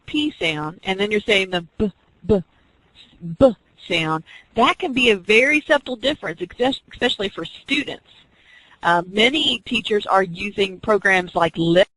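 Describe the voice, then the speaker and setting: A teacher educator with a somewhat high, slightly bright voice teaches an online class, explaining reading skills step by step and acting out examples as both teacher and student. There's no room sound, but the audio quality is poor.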